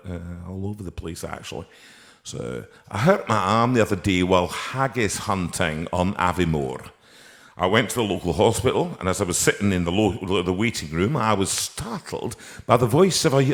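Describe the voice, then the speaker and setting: A man hosting a live stream from a piano room, chatting and telling jokes in a rambling, self-mocking way. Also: on the low side. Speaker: singer and host of a live stream. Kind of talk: casual chat between songs. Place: music room with a grand piano.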